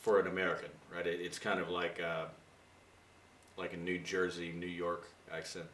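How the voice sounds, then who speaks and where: Low-voiced guy teaching idioms, sharp tone, sounds kinda far from the mic in an echoey room. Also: flat delivery, normal speed, slight background noise. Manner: rambling, chatty, many fillers. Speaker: English teacher. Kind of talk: casual video lesson.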